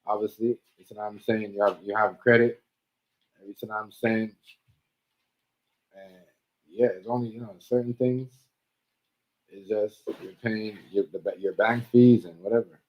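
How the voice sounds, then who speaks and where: A man's voice: on the low side, fairly even intonation, moderate pace, long pauses. A man co-hosting a live stream, chatting in a rambling way, leaning on fillers like "you know what I mean". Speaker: livestream co-host. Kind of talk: casual chat. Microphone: live stream setup. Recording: dull lo-fi stream audio.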